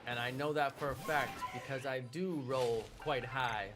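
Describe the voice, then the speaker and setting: A man's voice: mid-range voice, fairly even intonation, unhurried, background noise. A man in his thirties giving chatty, playful live-stream commentary while he plays a game and jokes with his viewers. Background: game music.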